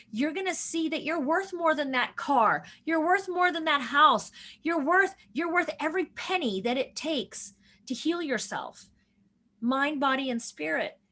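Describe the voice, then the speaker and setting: A woman in her forties with a high voice, speaking as a doctor guest in an interview. She talks earnestly and with deep feeling. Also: fairly bright tone. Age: 40s. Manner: emotional, earnest storytelling. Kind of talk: conversational interview.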